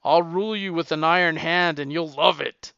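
A man's voice: fairly high pitch, normal speed, vocal fry, bright, forceful tone, smooth, no room sound, dull audio. A man doing a pompous brutish caveman.

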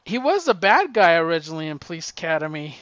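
A man with a slightly higher voice chats and asks questions on a podcast, often trailing off mid-thought. His audio is dry, close and a little dull. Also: big pitch swings, fast talker, a bit bright, no echo. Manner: chatty and inquisitive, trails off mid-sentence. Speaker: podcast co-host. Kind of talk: casual chat.

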